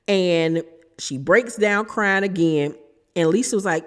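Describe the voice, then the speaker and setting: A woman hosts a reality TV recap in casual commentary, telling the drama in a sassy, gossipy way and calling her listeners "honey" and "child." Her voice is medium-pitched at a moderate pace, with a long reverb tail.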